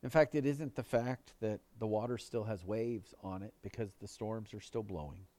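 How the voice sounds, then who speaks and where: A male pastor preaching a sermon in an earnest manner, pushing his voice up for emphasis and dropping it low on quoted words. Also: fairly even intonation, moderate pace, warm tone.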